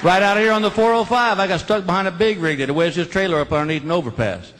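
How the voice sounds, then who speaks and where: Audience laughter fills this live show recording as a middle-aged comedian delivers folksy stand-up stories, each built toward a punchline. He speaks quickly in a high, fairly bright voice from a live comedy stage.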